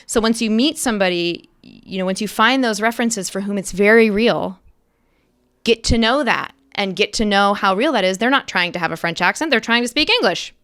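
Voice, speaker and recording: A woman's voice: medium pitch, a little fast, fairly bright tone, smooth, no echo, clean studio sound. A woman actress, a guest in an interview, talking casually and acting out little quoted voices as she explains.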